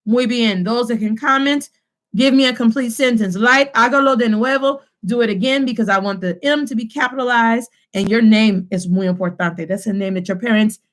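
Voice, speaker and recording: A young adult woman teaching a live online Spanish lesson, lively and switching between English and Spanish as she drills repetition. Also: a little high, fairly quick.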